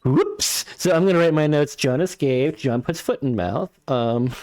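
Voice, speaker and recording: A man's voice: mid-range voice, a little slow, darkish tone, no room sound, studio quality. A man with an East Coast accent running a live tabletop game, laughing and joking at himself. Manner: laughing, self-mocking banter. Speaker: game master.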